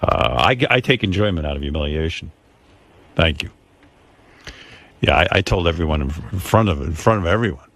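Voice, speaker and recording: A man's voice: sits low, animated, brisk, pauses often, fairly bright tone, dry recording. A man hosting a radio talk show, telling stories in a self-mocking, laughing way.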